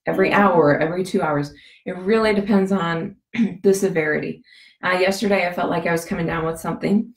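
A woman with a scratchy, gravelly voice, giving a chatty how-to demonstration, rambling with many fillers and restarts. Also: fairly low pitch, fairly quick, echoey room. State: scratchy voice from a cough. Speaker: essential oil demonstrator.

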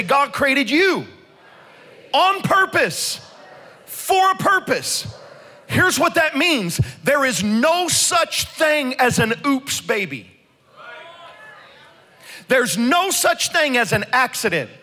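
A man preaching a sermon as pastor, telling stories in an animated way and leading the congregation in call-and-response. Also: extremely high pitch. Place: church sanctuary. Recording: long hall reverb.

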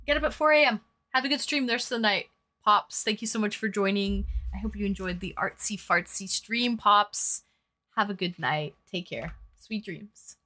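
Bright chatty woman streamer. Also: medium pitch, normal speed. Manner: chatty, reads viewer comments aloud, crude jokes, giggly. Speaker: livestreamer reading chat. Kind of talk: casual livestream chat while painting.

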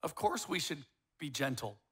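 A male pastor in his fifties delivering a sermon in a blunt, emphatic way. He lands his points with wry humor. His voice sits fairly high for a man, and his tone is bright and forceful. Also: very animated, normal speed, breathy edge.

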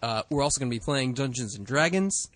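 A man's voice: mid-range voice, expressive, fast talker, fairly bright tone, no room sound. Dry-sounding upbeat male podcast host. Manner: upbeat, announcing store events. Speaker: podcast host, record store staff. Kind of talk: casual podcast chat.

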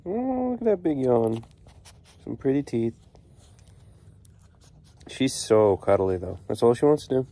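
A man's voice: medium pitch, big pitch swings, unhurried, pauses often, mellow. A man keeping an animal sanctuary, chatting casually to viewers as he feeds the animals and talking to them affectionately. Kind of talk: casual vlog while feeding animals.

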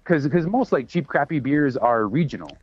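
A man's voice: medium pitch, expressive, moderate pace, slightly rough. A man who works as a bartender, a guest on a podcast, talking casually and rambling with plenty of fillers and restarts. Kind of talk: casual chat. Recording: dry, slightly dull sound.

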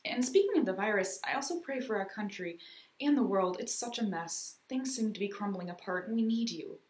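A woman's voice: medium pitch, expressive, brisk, a little mellow, echoey room, natural voice. A woman voicing an earnest young boy who prays aloud in a children's story, pleading and sincere.

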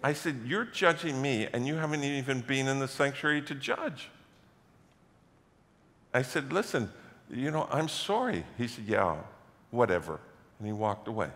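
Animated male pastor preaching in a hall. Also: medium pitch, moderate pace. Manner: storytelling, acts out quoted voices, builds to loud animated passages. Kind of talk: sermon. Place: church sanctuary. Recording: long church hall reverb.

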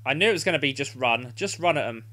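A man's voice: medium pitch, animated, fast, sharp tone. A young man playing a football video game live, urging his team on and swearing in frustration. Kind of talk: live gameplay commentary.

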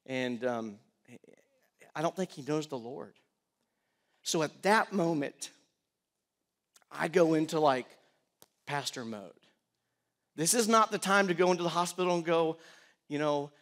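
Middle-aged male preacher with a raised pitch, dynamic sermon delivery that goes from loud to soft. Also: moderate pace, pauses often. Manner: animated preaching, swings from loud pleading to quiet storytelling. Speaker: pastor.

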